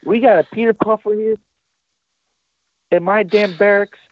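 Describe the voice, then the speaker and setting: A furious army sergeant major, put on by a man retelling a story, barks crude insults at a private in a raised, strained voice well above his usual pitch. The sound is dry and tinny, like an online call. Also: steady tone, normal speed, no echo, close to an everyday voice. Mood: outraged yelling. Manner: yelling, crude, outraged.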